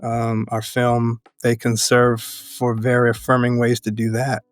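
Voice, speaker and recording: An earnest man, a podcast guest who works as an educator and activist, reflects in an interview, thinking aloud in measured phrases that often restart and frequently breaking into laughter. His voice sits mid-pitch for a man and is monotone. The sound is dry and close with no room sound, though faint music plays underneath.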